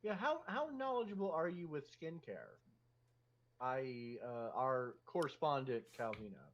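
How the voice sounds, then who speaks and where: A man's voice: medium pitch, very animated, a little slow, highs cut off. A man chatting with friends in a rambling way, stumbling over his words as he jokes. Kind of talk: casual chat with friends.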